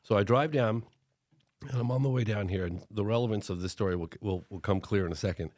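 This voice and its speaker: Middle-aged man, documentary filmmaker guest on a podcast, low voice, dead-dry close mic, animated storyteller who mimics the people he quotes. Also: fast talker, no echo. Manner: acts out other people's lines in changed voices.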